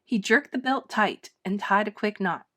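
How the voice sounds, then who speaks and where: A woman reading a children's storybook aloud with dramatic, expressive narration. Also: mid-range voice, moderate pace. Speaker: storybook reader. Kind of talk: children's book read-aloud.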